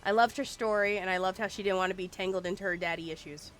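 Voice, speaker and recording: A woman in her forties chats casually on her game stream, swearing every so often as she plays. She speaks quickly in a steady, medium-pitched voice, with faint music in the background.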